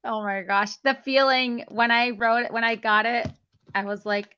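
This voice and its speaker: Woman guest, bright and crisp voice, chatty storyteller acting out quotes, dry dull lo-fi audio. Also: a little high, normal speed. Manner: chatty, acts out quoted dialogue, many "like"s. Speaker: guest, memoir author. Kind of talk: casual interview storytelling.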